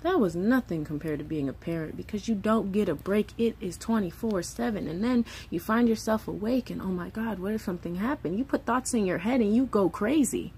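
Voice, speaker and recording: Candid swearing mom rambling emotionally. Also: female voice, medium pitch, animated, a little fast, few pauses, warm tone, a little hiss or hum. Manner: candid, emotional, swears freely, acts out quoted voices. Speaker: mother of three. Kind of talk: casual vlog monologue.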